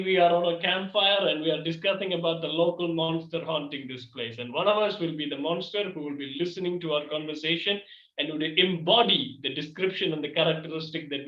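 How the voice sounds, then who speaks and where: A man's voice: fairly high pitch, a little fast. A man hosting an improv comedy scene over a video call, playful and dramatic as he leads the others. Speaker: improv host. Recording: echoey, dull video call audio.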